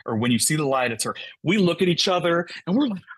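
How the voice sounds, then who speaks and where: A man, a podcast guest, telling an emotional personal story in a fast, animated way, often repeating words. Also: on the high side, husky, dry recording.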